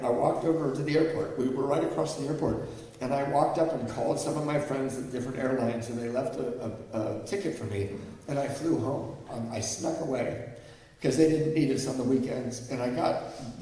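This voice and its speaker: A man's voice: mid-range voice, darkish tone. A middle-aged man speaking as a guest at a recovery meeting, telling a personal story in a candid, self-deprecating way. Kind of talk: personal story told to an audience. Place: large hall with an audience. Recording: echoey hall, mic heard from far off.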